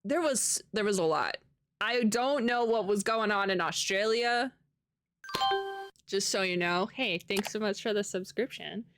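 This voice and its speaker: A woman's voice: medium pitch, measured pace, fairly bright tone. Chatty American woman streamer. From United States. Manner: chatty, rambling, laughs often. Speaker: livestreamer. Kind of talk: casual chat with live viewers.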